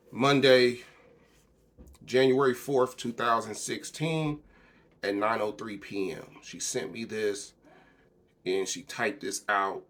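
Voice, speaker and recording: A man's voice: medium pitch, fairly bright tone. A man who is a minister giving a casual personal testimony, rambling and correcting himself as he goes before reading a letter aloud. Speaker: self-styled apostle and minister.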